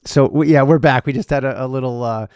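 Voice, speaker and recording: A man's voice: medium pitch, fast, darkish tone, clean tone, no echo, studio quality. A man co-hosting a casual podcast, rambling and stammering through his points and laughing often. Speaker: podcast co-host.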